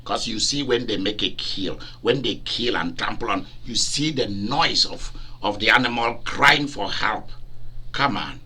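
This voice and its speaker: Male preacher, very bright tone, animated storytelling delivery. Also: fairly low pitch, measured pace, slightly rough. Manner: animated, laughing, acts out cries and dialogue. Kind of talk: sermon.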